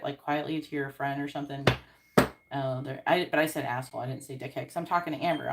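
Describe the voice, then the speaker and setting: A woman's voice: lowish voice, a little hiss or hum. A woman who hosts tarot readings, telling a story in an indignant, casual rant full of swearing and fillers. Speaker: tarot card reader host.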